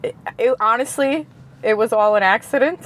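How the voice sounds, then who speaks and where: Animated young New woman, laughing. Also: fairly high pitch, moderate pace. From Queens, New York. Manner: laughs often, animated storyteller. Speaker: guest. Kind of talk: casual interview chat.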